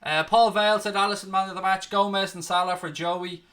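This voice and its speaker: A man's voice: high-pitched, steady tone, fairly quick, fairly bright tone. A young man hosting a casual live stream, reading viewer comments aloud and calling them mate and buddy.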